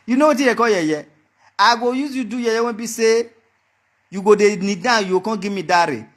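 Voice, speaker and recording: A man's voice: high-pitched, a little fast, a bit bright. A man with a Nigerian accent giving a heated monologue to the camera, taunting and mocking, repeating his threats over and over. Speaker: vlogger.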